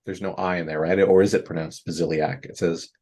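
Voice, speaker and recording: A man's voice: deep voice, steady tone, brisk, darkish tone, slightly rough. A man hosting a casual podcast, a playful improviser who gushes and jokes. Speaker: host. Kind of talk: casual chat.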